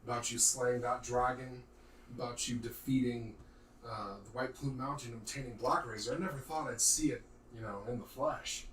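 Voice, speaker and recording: A man's voice: mid-range voice, steady tone, moderate pace, a bit bright, close to an everyday voice. A man voicing a talkative male dwarf who rambles eagerly, starstruck by a famous hero. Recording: roomy, distant mic, faint noise.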